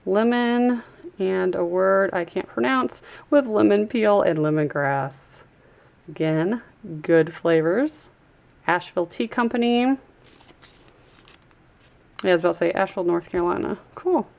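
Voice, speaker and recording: A woman talks through an unboxing in a relaxed, chatty way, pausing to read labels aloud. Her voice carries a gravelly rasp at a middle pitch, with crinkling packaging heard now and then. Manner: chatty, trails off while reading labels. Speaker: YouTube vlogger. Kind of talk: casual unboxing chat.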